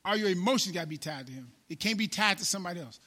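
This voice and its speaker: High, bright-voiced man preaching. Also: lively intonation, racing. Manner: call-and-response preaching, repeats phrases, rises and drops in volume. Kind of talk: sermon.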